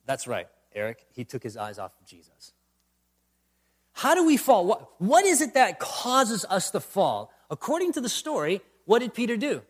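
A man's voice: sits high, huge pitch swings, normal speed. A man preaching a sermon, building to emphatic bursts and repeating refrains. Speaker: pastor.

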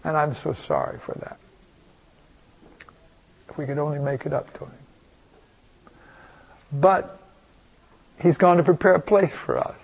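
Gravelly older man telling a sermon story. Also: fairly high pitch, a little slow, long pauses. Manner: rambling, folksy, with many restarts and asides. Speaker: preacher.

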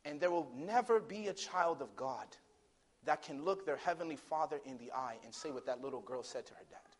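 Guy preaching w a high voice, big dramatic swings from shouting down to almost whispering. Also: lively intonation, moderate pace. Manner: dramatic, swings from loud declaiming to hushed near-whisper; storytelling with acted voices. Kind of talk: sermon.

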